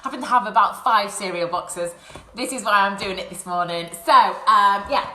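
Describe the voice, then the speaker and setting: A woman's voice: medium pitch, normal speed, pushed and bright, roomy sound, slight background noise, poor audio. A young woman presenting a live craft session for children from her home, chatty and apologetic. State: out of breath. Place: home, indoors. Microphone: phone or webcam livestream.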